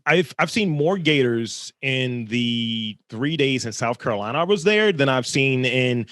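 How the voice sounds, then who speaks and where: A man from Baltimore with a Baltimore accent, a podcast guest telling animated, profane stories in casual chat and acting out what people said. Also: mid-range voice, a little slow, dry recording. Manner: animated storyteller, swears freely, acts out quotes.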